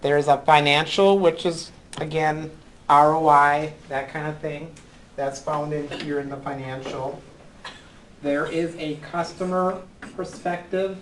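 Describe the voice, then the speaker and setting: A man's voice: fairly high pitch, steady tone, a little slow, a little hiss or hum, rough recording. A man teaching a college class, lecturing with frequent ums and "right?" checks. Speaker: college accounting instructor.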